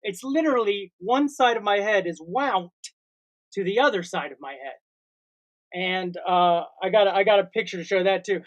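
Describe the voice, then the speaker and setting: A co-host in his forties rambles through a long story on a relaxed comedy podcast, using made-up sound words. The voice is high and moderately paced, and the audio has its highs cut off.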